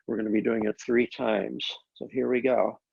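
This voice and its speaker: A man teaching a Pilates class, calmly cueing each step of the exercises, recorded on a laptop microphone. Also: medium pitch, moderate pace, vocal fry, slightly rough, muffled recording. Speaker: Pilates instructor. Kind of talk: guided exercise class instruction.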